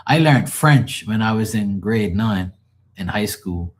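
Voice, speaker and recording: A man with a fairly low voice chats casually with his live-stream viewers as a tarot reader. He rambles and swears freely, often breaking into laughter.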